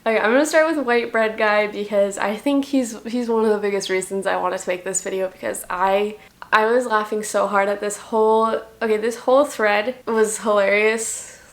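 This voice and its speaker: A woman's voice: mid-range voice, steady tone, moderate pace. A young woman reading comments aloud at home in a dry, self-mocking way. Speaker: vlogger.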